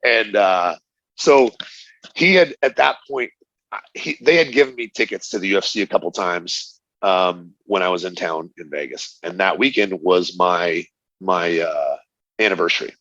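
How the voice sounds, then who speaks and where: A middle-aged man with a fairly low voice recounts his fighting days in a casual interview. He tells it animatedly, acting out other people's lines and laughing along. The recording is dull and lo-fi with a dry, close sound. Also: moderate pace, dry recording. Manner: animated storyteller, acts out quoted dialogue, laughs often. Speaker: interview guest, retired fighter.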